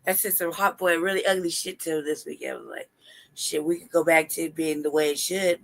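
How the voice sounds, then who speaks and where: A woman's voice: sits low, steady tone, fast talker, low-quality recording. Woman, live stream host, casual storytelling, profane, laughs a lot, acts out quotes.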